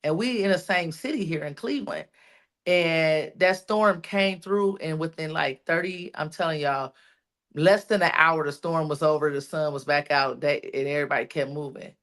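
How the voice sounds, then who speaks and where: A woman's voice: low-pitched, normal speed, a bit bright. A woman on a podcast sharing a personal testimony, repeating lines for emphasis like a preacher. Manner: repetitive, preacherly encouragement. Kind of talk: emotional testimony.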